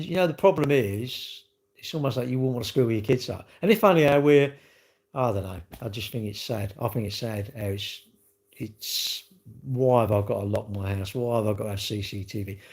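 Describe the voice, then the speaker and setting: A man rants to his viewers in a casual monologue. His voice sits at an ordinary middle pitch. He sounds exasperated and circles back over the same points. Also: moderate pace, darkish tone. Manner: ranting, exasperated, repeats himself. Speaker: vlogger.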